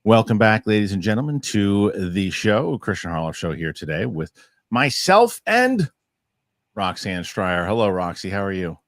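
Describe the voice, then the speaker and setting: A man's voice: fairly low pitch, sing-song, normal speed, dry recording, studio quality. A man hosting a casual podcast chat, jokey and rambling. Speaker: host. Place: New York studio.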